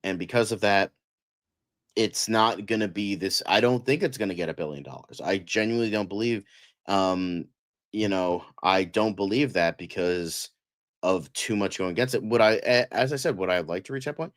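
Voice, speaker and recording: A low-voiced man co-hosts a loose live-stream chat. He rambles through his points with plenty of fillers and swears freely. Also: normal speed. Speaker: co-host.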